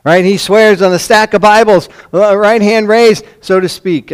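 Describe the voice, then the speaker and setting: A man with a Chicago accent preaching a sermon, swinging from loud emphasis to hushed lines, with conversational asides and rhetorical questions. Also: high-pitched, fairly even intonation, unhurried, clear, resonant tone. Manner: dramatic swings between loud emphasis and hushed near-whispers. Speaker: pastor.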